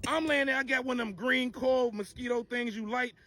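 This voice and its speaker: High-pitched dude cussing his way through a story, acting out everybody. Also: a little fast. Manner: profane, animated, acts out quotes.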